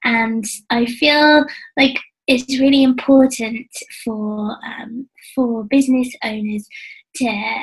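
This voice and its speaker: A woman's voice: on the high side, steady tone, slow pace, rough recording. A woman in her forties with an English accent and a youthful, almost childlike voice, talking casually and self-deprecatingly as a business coach in an interview, laughing often. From England. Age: 40s. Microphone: headphones with mic.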